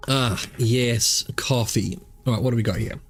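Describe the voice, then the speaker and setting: A man's voice: mid-range voice, normal speed. Guy rambling thru his game stream, jokey asides, a bit of music under it. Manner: rambling, self-mocking asides. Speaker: gaming streamer. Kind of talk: let's play commentary reading game text aloud.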